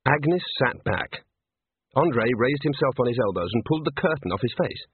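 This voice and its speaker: Husky male audiobook narrator. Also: medium pitch, animated, normal speed, dry recording. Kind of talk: scripted narration. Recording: dry, tinny phone-like audio.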